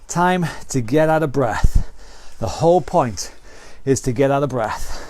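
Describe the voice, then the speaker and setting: A man's voice: medium pitch, expressive, a little slow, darkish tone, dry recording. A man with a British accent leading an online exercise class, counting down rounds and calling out moves with encouragement. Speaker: fitness instructor.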